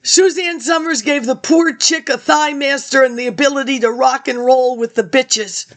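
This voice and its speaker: A woman's voice: high voice, moderate pace, fairly bright tone. A woman in her fifties, a vlogger rambling through a personal story and jumping between tangents as she talks straight to her viewers.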